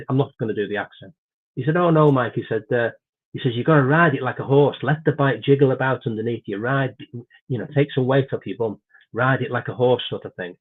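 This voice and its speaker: A middle-aged man, a former racer, telling animated anecdotes in casual conversation, restarting his sentences often. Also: fairly low pitch. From Britain. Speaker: podcast guest, former racer. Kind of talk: casual storytelling. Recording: tinny phone-like line.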